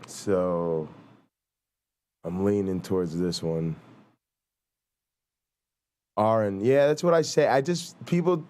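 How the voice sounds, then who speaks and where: A man with a New Jersey accent chats loosely on a live stream, full of fillers and casual swearing. His voice sits low, with a warm, mellow tone. It comes through smooth and resonant. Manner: rambling, profane, thinks aloud with fillers. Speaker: livestream host.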